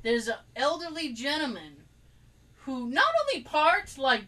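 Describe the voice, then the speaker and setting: High, lively woman ranting with laughs. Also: unhurried, low-quality recording. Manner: animated, laughing, acts out quotes in a storytelling rant. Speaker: co-host. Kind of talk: casual chat storytelling.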